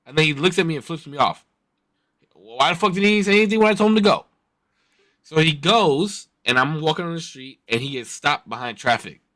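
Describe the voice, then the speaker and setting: Podcast host man, animated, profane, tight bright tone when he tells a story. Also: on the high side, fairly quick. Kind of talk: casual storytelling chat.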